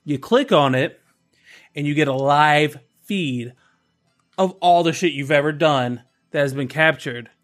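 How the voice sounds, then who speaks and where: A man's voice: a little high, measured pace, faint music behind. A man doing a frantic, stammering boss. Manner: stammering, shouting over others. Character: frantic male boss pitching an idea. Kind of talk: improvised comedy character.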